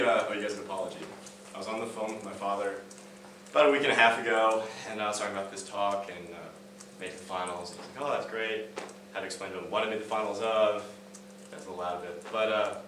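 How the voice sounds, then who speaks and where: A young man tells a casual story on stage in a low voice, full of fillers and repeated words. He sounds set back from the mic, and the sound booms around a big echoey hall. A faint hum sits under it. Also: fairly bright tone, far from the mic. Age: young adult. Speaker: student speaker. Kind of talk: student talk on stage.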